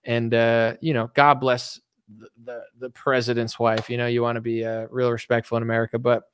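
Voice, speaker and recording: A man's voice: medium pitch, level tone, a little fast, a bit bright, slight background noise. A man vlogging a sarcastic, rambling satirical comedy monologue to his viewers.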